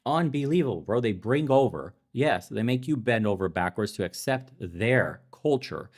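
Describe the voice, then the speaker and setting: A man's voice: medium pitch, lively intonation, moderate pace. A young adult man hosting a podcast, ranting in heated political commentary with sarcastic, profane, mocking asides. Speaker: podcast host.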